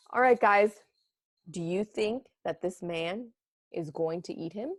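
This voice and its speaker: A woman teacher reading a picture book aloud to students with expressive storytelling, stopping to ask them questions. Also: lowish voice, normal speed, dry recording, clean studio sound.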